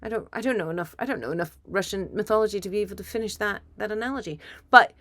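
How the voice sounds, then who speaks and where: A woman hosting a casual political commentary monologue, rambling and animated, with asides and impressions. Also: medium pitch, rapid-fire, dry recording. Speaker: comedian and commentator.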